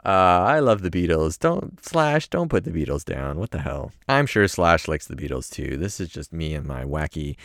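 A man's voice: extremely low pitch, big pitch swings, normal speed, vocal fry, few pauses. A man hosting a podcast, chatting casually with jokes and loose profanity. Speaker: podcast host.

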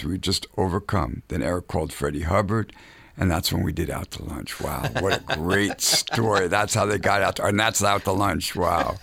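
A man speaks as a radio guest in a very low, gravelly, husky voice. He muses unhurriedly, often restarting his sentences, and sometimes reads a story aloud. The sound is close and dry. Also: fairly bright tone, no room sound. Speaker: guest musician. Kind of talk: casual chat and reading a story aloud.

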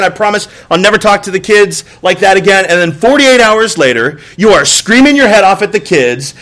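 A man's voice: high-pitched, fairly quick, hardly any pauses, a bit bright. A man preaching a sermon as pastor, conversational, with repeated rhetorical questions and acted-out outbursts. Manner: conversational, acts out exasperated outbursts; frequent rhetorical "right?" and repeated words. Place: church.

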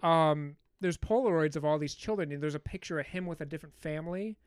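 Dude rambling through a movie plot on a podcast, kinda high smooth voice, lots of swearing, dry close mic. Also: male voice, quick pace, dry recording. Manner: rambling, profane, animated storytelling. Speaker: podcast co-host. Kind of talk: casual movie recap chat.

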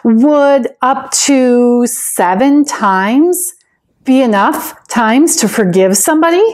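A woman's voice: on the high side, animated, slow pace. A woman voicing an earnest young disciple. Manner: earnest, questioning. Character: earnest male disciple asking a question.

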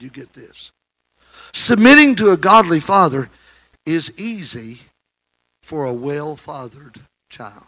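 A male preacher, delivering a sermon with sudden loud rises that drop back low. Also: no echo. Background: music playing.

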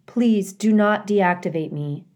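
A woman voicing a calm, polite female robot in a storybook read-aloud, speaking in an even, courteous way. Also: mid-range voice, unhurried, close to an everyday voice. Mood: pleading.

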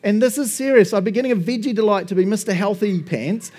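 Laid-back joking pastor preaching. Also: male voice, sits high, quick pace, few pauses, warm tone. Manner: chatty and jokey, tag questions like "right?" and "eh?"; laughs often, acts out little quoted exchanges. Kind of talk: casual sermon.

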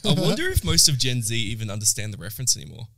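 A young man, chatting casually on a podcast, easygoing and quick to agree and laugh. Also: medium pitch, big pitch swings, creaky, bright, forceful tone, no echo, clean studio sound. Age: young adult. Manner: easygoing, agrees a lot, laughs while telling stories. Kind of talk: casual chat.

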